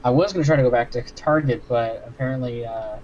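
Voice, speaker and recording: A man's voice: mid-range voice, fast talker, darkish tone, muffled recording, a little hiss or hum. Blunt man in casual stream chat.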